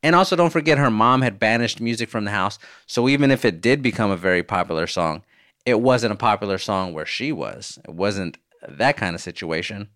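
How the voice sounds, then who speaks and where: A man in his thirties chats through listener questions on his podcast, spinning funny family anecdotes with plenty of laughs and the odd curse. His voice sits fairly low and comes across smooth and clear, recorded close and dry with no room sound. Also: fairly quick, no echo. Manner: animated storytelling, swears, laughs often. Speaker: podcast host. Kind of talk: casual podcast chat answering listener voicemails.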